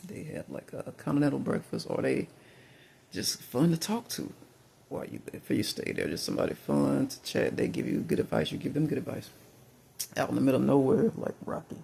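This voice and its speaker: A man's voice: medium pitch, expressive, brisk, creaky, warm tone, breathy edge. A man from Mississippi, telling rambling personal stories full of fillers and restarts. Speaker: vlogger.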